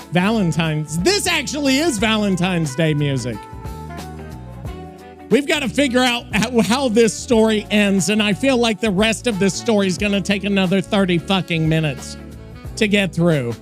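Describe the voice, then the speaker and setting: Male host, casual stream chat, excitable, lots of swearing, high voice. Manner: excitable, swears a lot, laughs along. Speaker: show host.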